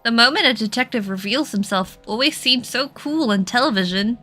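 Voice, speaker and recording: A woman's voice: a little high, animated, a little fast, bright, forceful tone, faint music behind. A woman reading the lines of an earnest young male detective's assistant in a mystery game, delivered in an earnest, dramatic way. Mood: rueful.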